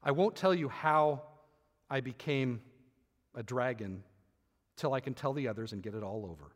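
A man reading the part of a troubled boy who was once a dragon, in a quiet confiding way. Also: mid-range voice, moderate pace, pitched below the performer's own voice, lightly acted. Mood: subdued. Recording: hall reverb.

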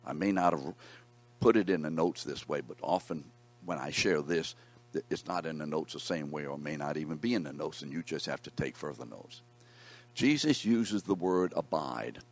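A man teaching a Bible class, reading scripture aloud and putting questions to his students in a conversational way. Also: sits low.

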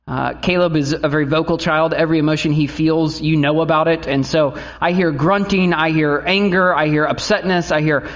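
High-voiced pastor preaching conversationally. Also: male voice. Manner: conversational, acts out quotes and anecdotes. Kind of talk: sermon.

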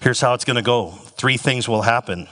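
A man's voice: mid-range voice, pushed and bright. Emphatic male pastor in a reverberant hall. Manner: emphatic, slows down to stress scripture phrases. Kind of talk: sermon.

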